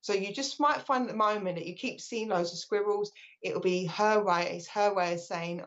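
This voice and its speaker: A British woman working as a medium, giving a live reading in a gentle, reassuring way that often restarts mid-sentence. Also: lowish voice, moderate pace. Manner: gentle and reassuring, relays messages with frequent restarts. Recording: slightly dull lo-fi sound.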